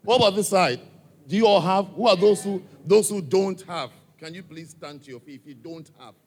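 A man with an African accent addresses a church congregation live, his voice high-pitched and his pace moderate, as he coaxingly quizzes people in the crowd. The large hall gives the recording a long reverb.

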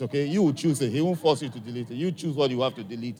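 A man's voice: mid-range voice, rapid-fire, dark tone, slightly rough. A man with an African accent speaking live to a church congregation, directly and coaxingly quizzing people in the crowd. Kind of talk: live address to an audience. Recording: long reverb from a large hall.

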